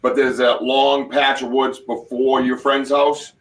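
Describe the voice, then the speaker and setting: A man hosts a loose live chat and talks haltingly, hunting for the right words. He sits a little back from the microphone, so his voice comes across slightly distant. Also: medium pitch, little pitch movement. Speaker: host.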